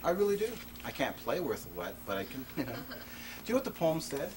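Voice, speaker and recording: Sing-song and on the high side, a man's voice moves quickly as he delivers a passionate public talk about his own life. He's emphatic and conversational, with sudden rises, speaking to an audience at a presentation venue. Faint noise and a distant mic are heard on this 1980s video.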